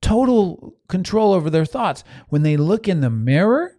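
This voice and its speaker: A man's voice: high voice, sing-song, normal speed, mellow, dry recording, studio quality. A man hosting a motivational podcast. He talks earnestly with restarts and asides to listeners, and sometimes acts out inner voices. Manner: frequent restarts and audience asides. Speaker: podcast host, self-help speaker.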